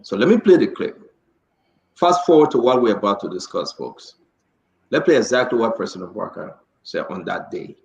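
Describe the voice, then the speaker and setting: A man's voice: on the low side, expressive, moderate pace, dull audio. A man hosting a live political talk show, emphatic and pleading, repeating himself for effect. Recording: roomy echo.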